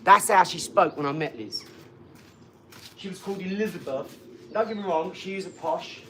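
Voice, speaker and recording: His voice is high-pitched and his pace normal, with a little hiss or hum underneath. He's a livestream host in a casual setting, wandering across topics, swearing liberally, and replying straight to what viewers write.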